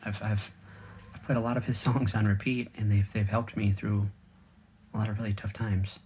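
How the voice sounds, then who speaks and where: A man's voice: lowish voice, little pitch movement, normal speed, a little mellow, slight background noise. A man vlogging casually while he eats, rambling with lots of fillers and talking with food in his mouth. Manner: rambling, with many fillers and restarts. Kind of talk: casual chat while eating.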